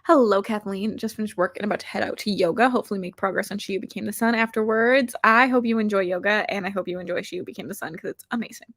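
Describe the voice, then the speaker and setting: A woman hosts a relaxed book-reading livestream, chatting in a rambling, self-deprecating way. Her voice sits in a middle pitch, and the sound is dry and close. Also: fast, few pauses, no echo. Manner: chatty, rambling with frequent "like" fillers. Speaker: booktuber hosting reading sprints. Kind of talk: casual livestream chat, reading out viewer comments.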